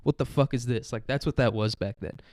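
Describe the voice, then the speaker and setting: A man's voice: medium pitch, fairly quick, darkish tone, no echo. A man from the United States hosting a podcast, rambling in a casual comedic monologue, swearing constantly and laughing often. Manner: profane, laughing often, slangy. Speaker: podcast host.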